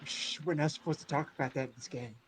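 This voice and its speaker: A man's voice: fairly high pitch, fairly even intonation, quick pace, breathy edge, no echo. Teasing man in game chat. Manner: joking, teasing banter. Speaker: co-op player on stream. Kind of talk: casual gaming chat. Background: faint game music.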